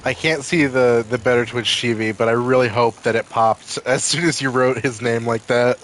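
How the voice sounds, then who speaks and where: A man's voice: mid-range voice, steady tone, normal speed, fairly bright tone, a little hiss or hum, low-quality recording. A man chatting casually as he streams a game, rambling and joking and saying "like" a lot. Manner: rambling and jokey, leans on "like". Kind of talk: casual live-stream chatter while gaming.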